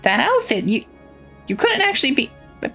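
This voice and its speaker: A performer voicing a timid, squeaky-voiced girl who has just become head of her family, reading a visual novel aloud in character. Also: wildly swooping pitch, normal speed, vocal fry, bright, forceful tone, slightly rough, faint music behind, heavily acted. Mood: bewildered. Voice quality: squeaky, childlike.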